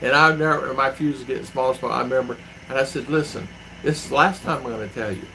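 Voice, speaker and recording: A man's voice: mid-range voice, fast, gravelly, bright, forceful tone, slight background noise, low-quality recording. A middle-aged man hosting a live stream from home, telling rambling stories and answering viewers by name. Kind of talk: casual live-stream chat. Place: home in the Philippines.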